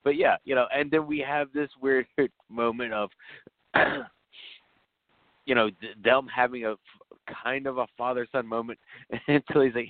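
A man's voice: mid-range voice, steady tone, dry recording. A man co-hosting a podcast in casual chat, laughing often and swearing as he riffs on a film. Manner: giggly, profane, quick to laugh. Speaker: podcast co-host. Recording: dry, phone-like lo-fi audio.

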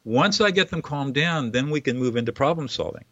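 Bright-voiced, emphatic male mediator. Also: medium pitch, expressive, fairly quick, dry recording, lo-fi sound. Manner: earnest, emphatic, lecturing. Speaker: guest, mediator and author. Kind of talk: explanatory interview talk.

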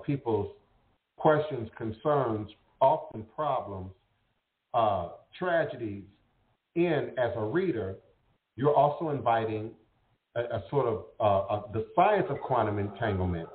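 A man hosting a casual spiritual talk show, rambling and repeating words as he searches for them. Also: medium pitch. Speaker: host. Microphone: internet radio call. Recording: tinny phone-like audio in an echoey room.

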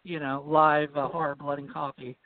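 A man's voice: on the high side, little pitch movement, normal speed, very noisy. A man with a Virginia accent co-hosting a casual podcast chat, rambling with lots of fillers and laughing easily. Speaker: podcast co-host. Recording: tinny phone-like call audio.

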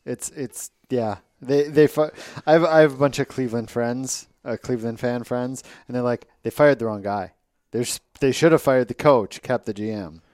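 A man co-hosting a casual sports podcast, easygoing and quick to laugh. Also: medium pitch, a little mellow, dry recording, clean studio sound. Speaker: podcast co-host.

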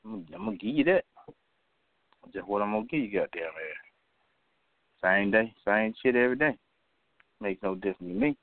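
A man's voice: fairly low pitch, animated, moderate pace, pauses often, slight background noise. Cursing man on a tinny phone line. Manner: cursing, combative, repetitive. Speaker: phone-line talk show host. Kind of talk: profane rant on an open phone line.

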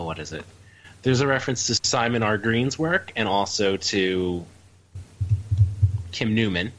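A man's voice: fairly low pitch, fairly bright tone, poor audio. A man co-hosting a podcast interview, asking questions in a playful, teasing way. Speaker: podcast co-host.

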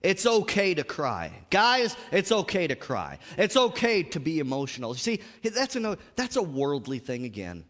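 A man's voice: on the high side, fairly bright tone, long reverb tail. A man preaching a sermon to a congregation, repeatedly calling out "Amen?" and asking the audience questions. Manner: call-and-response, frequent "Amen?" and "How many of you know". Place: church sanctuary.

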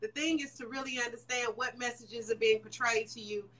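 A woman's voice: a little high, steady tone, a little fast, fairly bright tone, rough recording. A woman in a casual discussion, speaking emphatically and repeating words as she builds her point.

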